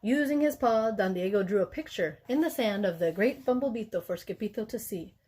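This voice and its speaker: A woman teacher reading a picture book aloud in an expressive, playful way. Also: medium pitch, brisk, a little hiss or hum. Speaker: elementary school teacher.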